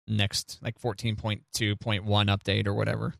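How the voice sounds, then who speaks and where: A man's voice: lowish voice, level tone, normal speed, creaky, a bit bright, no room sound. A man co-hosting a podcast in casual chat, teasing with dry humor and explaining things patiently. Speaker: podcast co-host.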